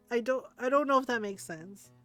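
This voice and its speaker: A woman's voice: a little high, fairly bright tone. A middle-aged woman streamer chatting casually, rambling and laughing often as she talks. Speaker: game streamer. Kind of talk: casual livestream chat.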